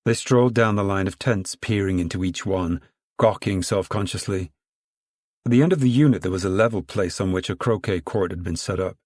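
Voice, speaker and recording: Low-voiced man reading a novel aloud. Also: fairly quick, dry recording, studio quality. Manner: steady storytelling, acts out dialogue. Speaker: audiobook narrator. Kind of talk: scripted narration.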